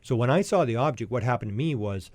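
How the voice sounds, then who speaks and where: A Canadian man in his sixties, appearing as a podcast guest, tells a long personal story in a lively, anecdotal way and keeps restarting his sentences. His mid-range voice moves fast, and the recording is dry.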